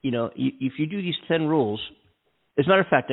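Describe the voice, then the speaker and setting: A man's voice: fairly high pitch, expressive, quick pace, breathy edge. A man co-hosting a casual call-in talk show, rambling with many restarts and fillers. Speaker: co-host. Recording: phone line.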